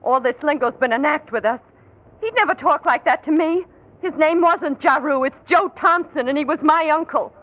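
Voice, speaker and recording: A woman's voice: high voice, normal speed, slight background noise, close to an everyday voice. An actress playing a shrewd woman who poses as a fortune teller, speaking stiffly and formally, in 1940s radio acting. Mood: blunt. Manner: stilted formal speech, then blunt. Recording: dull 1940s radio recording.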